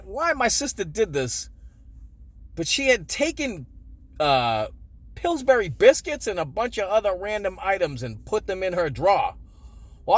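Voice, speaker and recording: A man in his forties telling childhood stories in a casual, crude way, swearing and chuckling often. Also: on the high side. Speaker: storyteller. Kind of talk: casual storytelling vlog.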